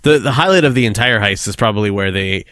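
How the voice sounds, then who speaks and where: A man's voice: on the low side, expressive, quick pace, fairly bright tone, smooth, dry recording, clean studio sound. A man co-hosting a podcast, recapping a show in casual chat, swearing and laughing as he rambles. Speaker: podcast co-host.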